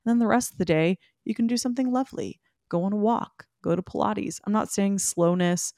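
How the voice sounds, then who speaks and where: A woman's voice: medium pitch, brisk, no echo, studio quality. Upbeat woman hosting a solo podcast. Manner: animated, emphatic, self-affirming, addresses listeners directly. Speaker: podcast host. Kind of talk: solo podcast talk, motivational.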